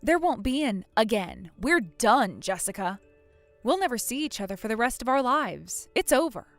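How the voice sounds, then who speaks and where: A woman's voice: on the high side, sing-song, moderate pace, faint music behind. A woman voicing a cold, furious young wife who scolds her sister-in-law without mercy. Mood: stern. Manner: stern, scolding, unforgiving.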